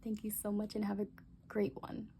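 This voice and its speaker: A young woman doing a casual tarot reading, talking gently and musing aloud, with soft exclamations as she turns the cards. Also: mid-range voice, monotone, moderate pace, a little hiss or hum. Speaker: tarot reader.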